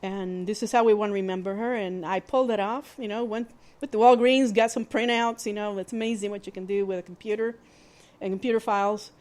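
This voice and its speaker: Woman, podcast host, personal storytelling, plainspoken, halting restarts, middle pitch. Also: steady tone, a little mellow. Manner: halting, conversational, frequent restarts and fillers; candid and plainspoken, with mild swearing.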